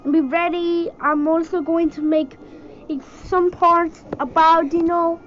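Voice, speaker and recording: A woman from India giving excitable let's-play commentary, yelping and exclaiming as she plays. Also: very high-pitched, slow pace, a little hiss or hum. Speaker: gaming channel host. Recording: dull lo-fi audio with game music. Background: game music.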